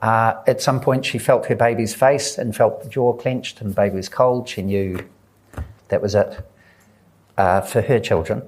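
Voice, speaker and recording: A man, an author telling a story at a live book event, earnest and unhurried, voicing the people he quotes. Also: lowish voice, a little mellow. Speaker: author guest at a book talk. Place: live audience event indoors.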